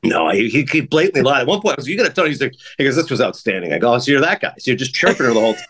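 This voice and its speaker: A middle-aged man hosting a podcast, telling casual stories at a rapid clip and acting out what people said. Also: medium pitch, slightly rough. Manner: rapid, animated anecdotes with acted-out quotes. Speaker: podcast host. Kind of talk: casual storytelling chat.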